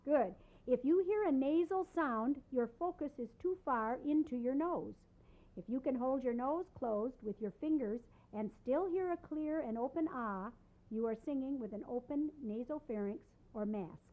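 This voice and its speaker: A woman vocal instructor giving calm, deliberate coaching in a recorded voice lesson, on a lo-fi cassette tape. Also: sits high. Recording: tinny lo-fi cassette tape with piano. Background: piano accompaniment.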